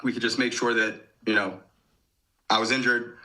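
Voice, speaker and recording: A man's voice: medium pitch, level tone, moderate pace, pushed and bright, poor audio. A man in his thirties from Michigan, a podcast guest casually retelling events and often quoting his own thoughts. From Michigan, USA. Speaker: podcast guest, former gymnast. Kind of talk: casual storytelling.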